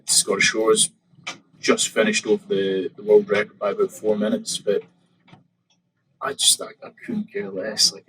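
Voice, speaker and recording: A man with a low voice, chatting as a podcast guest. He retells a story in a lively way, acting out his own thoughts, with plenty of ums and likes. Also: rough recording. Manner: animated, retelling with quoted inner thoughts and many fillers. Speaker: podcast guest, open water swimmer. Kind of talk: casual interview storytelling.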